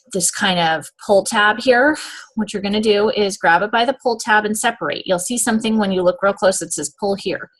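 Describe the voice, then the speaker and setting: On the low side and a bit bright, a woman's voice guides viewers through a nail application step by step. She keeps it chatty and casual, regularly checking in with "okay?".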